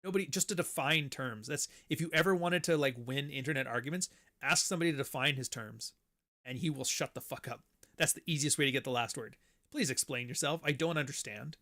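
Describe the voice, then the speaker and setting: A podcast host ranting in a blunt, profane and sarcastic way in casual talk. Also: male voice, medium pitch, fairly quick, pushed and bright. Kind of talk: casual opinion rant.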